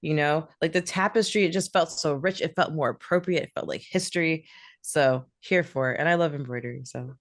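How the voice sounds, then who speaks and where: A young woman co-hosting a podcast, chatting in an animated way and laughing often. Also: low voice, a little fast, dry recording, studio quality. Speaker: podcast co-host. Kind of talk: casual chat.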